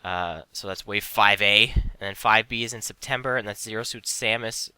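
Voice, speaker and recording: A man's voice: lowish voice, normal speed, pushed and bright, smooth, no echo. A young man co-hosting a casual gaming podcast, listing news in a hesitant way with many ums and a voice that trails off. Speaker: podcast co-host.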